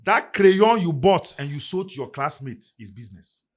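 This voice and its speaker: A middle-aged man from Ghana, guesting on a podcast, talks motivation in a voice that's a little high, very animated, and moderately paced. His Ghanaian English carries an emphatic, preacher-like rhythm that climbs and falls.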